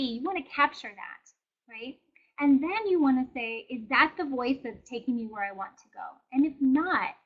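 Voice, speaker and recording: A woman's voice: sits high, dull audio. A woman presenting a wellness webinar, speaking conversationally and encouragingly with frequent fillers. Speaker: wellness educator.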